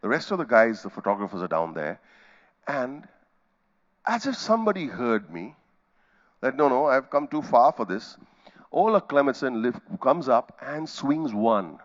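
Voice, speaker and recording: A middle-aged man with an Indian English accent tells stories in a keynote on a conference stage, using sound effects and quoted voices to act out scenes. His mid-range voice has big pitch swings at a moderate pace, captured on dull audio.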